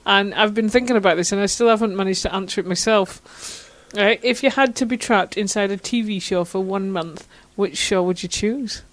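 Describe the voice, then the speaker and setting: A woman's voice: mid-range voice, normal speed, few pauses. Giggly, teasing young Englishwoman. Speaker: podcast co-host. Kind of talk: casual chat.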